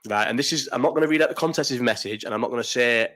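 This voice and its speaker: Young bloke hosting a live stream: blunt, sweary, rambling chat with plenty of restarts. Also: male voice, mid-range voice, very fast, bright, forceful tone.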